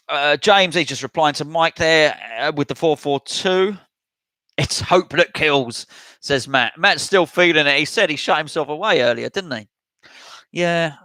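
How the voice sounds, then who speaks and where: A man's voice: a little high, lively intonation, measured pace, bright, forceful tone, dry recording. A man hosting a casual live stream, chatting and reading out viewer comments as he replies. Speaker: host reading live chat.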